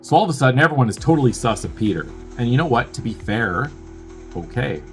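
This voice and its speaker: A man's voice: mid-range voice, sing-song, fast, faint music behind. A young man casually recapping a film plot as a review host, rambling and profane, with wry asides and lots of filler words. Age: young adult.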